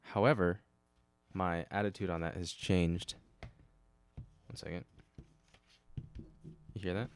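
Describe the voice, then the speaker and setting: A man's voice: sits low, fairly even intonation, takes it slowly, long pauses, clear, resonant tone. A man hosting a casual solo podcast, rambling and correcting himself as he goes, speaking into a desk microphone. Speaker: podcast host.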